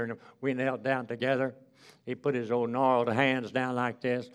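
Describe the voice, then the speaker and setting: Male preacher, fervent sermon, drawn-out emphasis, storytelling. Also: medium pitch, fairly even intonation. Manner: fervent, exclaims hallelujah, stretches key words. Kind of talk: sermon with personal stories.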